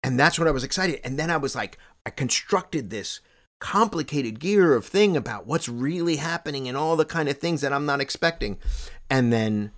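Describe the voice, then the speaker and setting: A man co-hosting a casual film chat, talking in an animated way with many stammered restarts. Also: normal speed. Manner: animated, stammering restarts, excitable pitch jumps. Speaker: podcast co-host.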